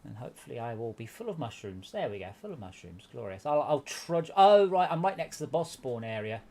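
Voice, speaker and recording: Lively man griping over gameplay. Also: medium pitch, brisk. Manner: exasperated running commentary, stumbling restarts. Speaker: streamer hosting a game night. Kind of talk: casual gameplay chat.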